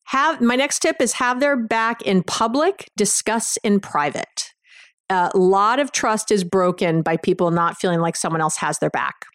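A woman hosting a podcast who gives relationship advice in a frank, animated way, acting out quick examples and asides. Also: medium pitch, dry recording, studio quality. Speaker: podcast host, relationship coach. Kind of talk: casual advice talk.

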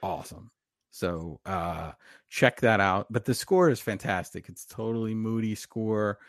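A man co-hosting a casual podcast chat, talking quickly with fillers and easy laughs. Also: on the low side, dry recording, clean studio sound. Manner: chatty, talks fast with laughs and fillers. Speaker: podcast co-host.

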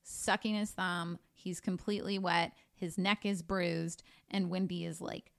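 A woman's voice: on the low side, steady tone, unhurried, creaky, no echo, clean studio sound. A woman co-hosting a podcast, expressively recapping a book's plot in casual chat. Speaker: podcast co-host. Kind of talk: casual book-discussion chat.

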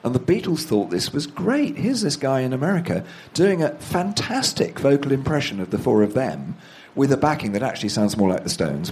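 Brisk and sing-song, with hardly any pauses, a man with a mid-range, darkish voice tells anecdotes as an author guest in a storytelling interview, with slight background noise present. He imitates the voices he quotes and laughs at his own stories.

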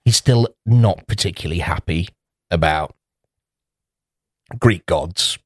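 A man co-hosting a casual podcast, rambling through a playful movie pitch and slipping into quick character voices. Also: no echo, clean studio sound. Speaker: podcast co-host. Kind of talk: casual chat.

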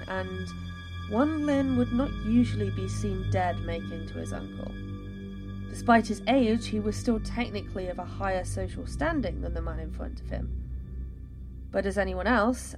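A woman narrating a fantasy story in a steady, measured storytelling voice. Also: mid-range voice.

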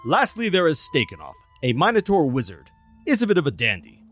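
A man's voice: on the high side, wildly swooping pitch, fairly quick, a bit bright, faint music behind, full character voice. A man voicing a haughty merchant guild leader who talks in a pompous drawl.

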